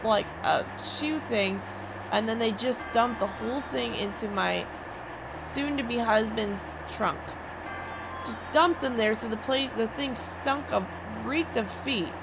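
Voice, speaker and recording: A woman's voice: a little high, slow pace, gravelly. A young woman streamer venting to her viewers in a rambling, swearing rant. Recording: noisy background.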